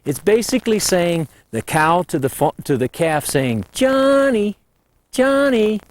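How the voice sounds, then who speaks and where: A man teaching elk calling in a folksy, lively way, breaking into high call demonstrations. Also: normal speed. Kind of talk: instructional talk.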